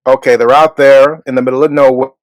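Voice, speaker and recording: A man's voice: mid-range voice, fairly even intonation, quick pace, no echo. Laid-back man co-hosting, dry mic. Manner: laid-back, laughs easily. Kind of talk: casual chat.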